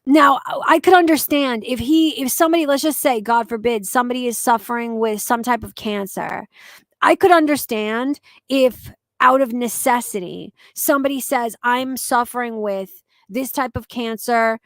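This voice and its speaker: A woman's voice: fairly high pitch, normal speed, no echo. A young adult woman hosting a casual commentary stream, blunt and profane, reading out and answering viewer comments. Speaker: commentary channel host.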